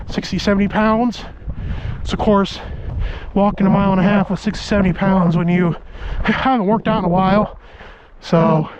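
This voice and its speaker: Out of breath and ill, a man who volunteers as a firefighter rambles to his viewers with lots of fillers, first outdoors on a march and then inside his parked car. His high-pitched voice comes through on dull audio.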